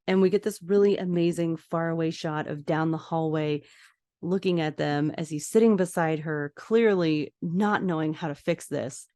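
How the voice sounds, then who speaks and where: A woman with a lowish voice recaps a TV episode scene by scene for her podcast. She walks through each shot and breaks in with her own reactions. Her voice sounds close and dry. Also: darkish tone, no echo. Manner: vivid scene-by-scene retelling with asides. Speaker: podcast host.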